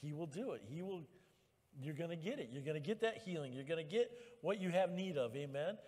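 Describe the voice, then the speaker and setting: A male pastor preaching a sermon at church, emphatic and rising to loud exhortation. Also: a little high, animated, a little fast, slightly rough, in a large hall.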